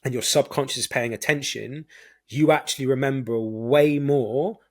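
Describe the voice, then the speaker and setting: British guy on a podcast, chatty, explains stuff with everyday examples, middle pitch. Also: moderate pace. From United Kingdom. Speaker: podcast guest. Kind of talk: casual conversational interview.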